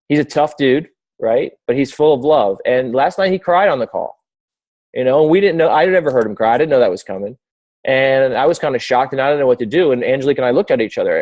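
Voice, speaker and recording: A man's voice: mid-range voice, darkish tone, dry recording. A man hosting a weekly team video call, giving an earnest, rambling motivational talk full of restarts and fillers.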